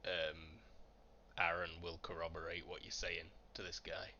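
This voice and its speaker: A man running a tabletop game over a video call, narrating casually and joking with the players. His voice is low but bright and forceful. The call audio is slightly dull. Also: completely flat delivery, moderate pace, a little hiss or hum. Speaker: game master.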